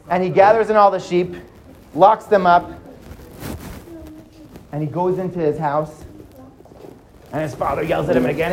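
Expressive storyteller with hushed suspense. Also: medium pitch, moderate pace, long pauses, slight background noise. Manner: lively, drops to hushed for suspense. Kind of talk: dramatic storytelling.

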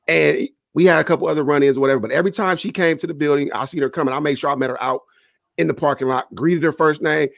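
A man who is a school principal and podcast co-host, telling a lively story in casual chat and acting out the people he quotes. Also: on the high side, quick pace, gravelly, dry recording. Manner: animated storyteller who acts out quoted voices.

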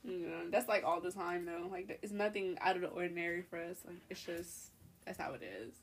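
A woman's voice: lowish voice, brisk, a little hiss or hum. A young woman hosting a podcast, telling stories in a rambling way with lots of fillers and laughs. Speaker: podcast host. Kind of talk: casual chat.

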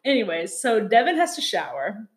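A woman co-hosting a podcast in casual chat, talking fast and laughing often as she acts out the people she describes. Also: medium pitch, reverberant, slight background noise. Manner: chatty, laughs often, quotes people in lively put-on voices. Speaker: podcast co-host. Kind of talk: casual chat recapping reality TV.

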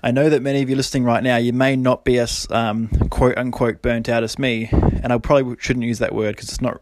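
A man's voice: medium pitch, flat delivery, a little fast, noisy background. A man in his thirties hosting his own podcast, talking casually and rambling, self-deprecating and motivational, laughing often. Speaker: podcast host. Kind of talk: casual solo podcast monologue.

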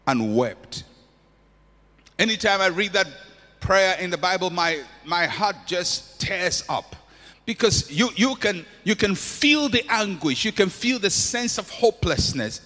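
A man's voice: sits high, animated, slow pace, bright, forceful tone. A man preaching a sermon with an impassioned, repetitive cadence in a church hall. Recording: long hall reverb.

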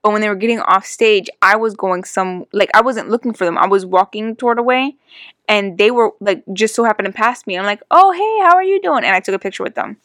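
A woman's voice: mid-range voice, steady tone, fast, a bit bright, dry recording, studio quality. A woman chatting casually about travel, with lots of "like" fillers. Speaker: conversation partner. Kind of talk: casual chat.

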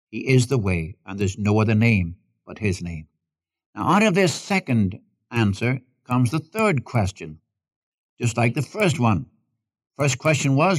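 A man's voice: medium pitch, big pitch swings, a little slow. Emphatic male preacher quoting scripture. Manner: emphatic, repeats key phrases, quotes scripture in King James wording; addresses listeners directly, asking them to follow in their Bibles. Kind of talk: sermon.

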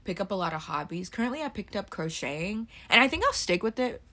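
A woman's voice: medium pitch, very animated, fast, pushed and bright. A young woman hosting a solo podcast, rambling casually and swearing freely, her voice a little throaty from just waking up. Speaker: podcast host.

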